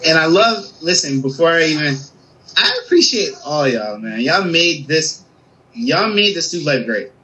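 A man's voice: fairly high pitch, very animated, a little slow, bright, forceful tone, slight background noise, low-quality recording. A man co-hosting a sports podcast, talking emphatically and calling people bro. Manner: emphatic, repeats "listen" and "bro". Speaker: podcast co-host. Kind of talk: casual sports podcast chat.

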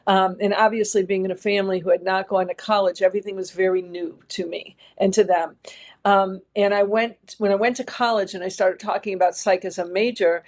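A middle-aged woman speaks in a middle register as an interview guest. She reflects earnestly on her own path in long, winding sentences. Her tone is sincere and unhurried. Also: mid-range voice, a little mellow. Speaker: interview guest, education leader. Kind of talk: reflective personal storytelling in an interview.

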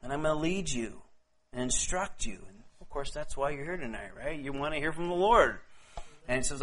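A man with a high voice preaches in an easygoing, conversational way. He stumbles and repeats words as he talks, then slows down to read scripture with care. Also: lively intonation, a bit bright. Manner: casual and halting, often repeating words; reads scripture slowly and deliberately. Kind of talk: conversational sermon.

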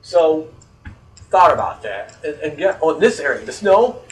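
A man's voice: a little high, normal speed, reverberant. Man, casual storytelling, profane, rambling, distant mic, faint noise. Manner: profane, rambling, animated when annoyed. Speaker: guest telling a story.

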